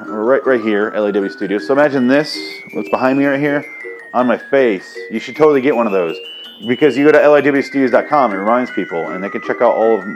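A man's voice: fairly low pitch, dull audio. A man from Michigan hosting a comedy channel, ranting to camera in a sarcastic, profane, rambling way.

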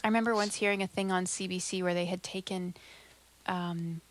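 A woman hosting a casual chat with a guest musician in a basement, encouraging and quick to agree. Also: lowish voice, steady tone. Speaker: host.

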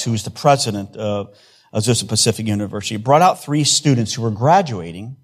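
A male pastor delivers a sermon with earnest conviction. He leans on repeated phrases to build emphasis. His voice sits at an ordinary middle pitch.

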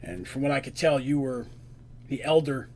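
A man's voice: mid-range voice, lively intonation, moderate pace, darkish tone, a little hiss or hum, natural voice. A man voicing an older male minotaur officer who talks bluntly, in a tabletop game. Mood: approving.

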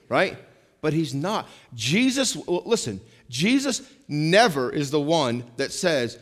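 A man's voice: on the high side, takes it slowly. Preaching man in a reverberant hall. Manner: animated preaching, swings between loud emphasis and hushed asides, repeats lines. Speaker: pastor. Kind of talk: sermon.

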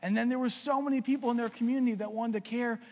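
A man preaching a sermon, earnestly urging his congregation and telling a story in an animated way. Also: very high voice, fast. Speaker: pastor. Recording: long reverb of a hall.

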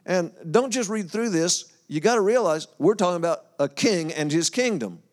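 Guy preaching a sermon, folksy and chatty, bit of a higher voice, reads scripture and jokes with the crowd. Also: lively intonation, moderate pace, a little mellow. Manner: folksy, talks to the congregation, loses his place and laughs. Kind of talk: sermon, reading and explaining scripture.

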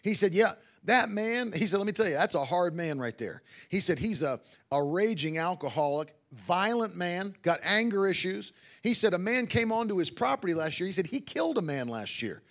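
A man's voice: sits high, lively intonation, moderate pace, fairly bright tone. A man, a traveling revival preacher, telling testimonies with fervor and bursts of hallelujah. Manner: fervent, exclaims hallelujah, quotes others in his own voice. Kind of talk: testimony-driven sermon storytelling.

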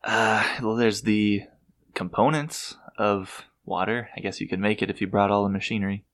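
A man's voice: lowish voice, steady tone, normal speed, fairly bright tone. A man in a casual comedic chat, explaining things in a dry, matter-of-fact way.

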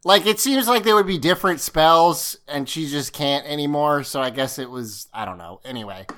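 A woman's voice: deep voice, lively intonation, moderate pace, fairly bright tone. A woman co-hosting a podcast, chatting casually, rambling and swearing as she recaps a scene. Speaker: podcast co-host recapping an episode. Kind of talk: casual chat.

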